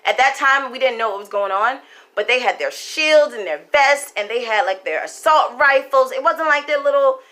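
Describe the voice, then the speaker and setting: A woman telling a story in a casual, animated, sassy way, speaking straight to the viewer. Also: high voice, normal speed. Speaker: storyteller and spiritual reader. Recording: faint background music.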